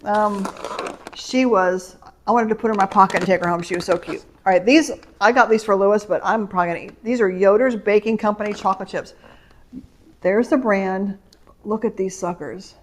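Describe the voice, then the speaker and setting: Middle-aged woman, rambling home vlogger, mid-pitched, chatty storyteller. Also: a little fast. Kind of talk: casual haul vlog chat. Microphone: camera mic.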